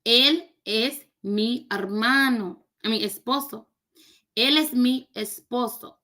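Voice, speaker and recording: Doing a recorded language lesson on camera, a woman chats casually and jokes with her viewers. Her voice is a little high, bright and forceful, and she speaks slowly.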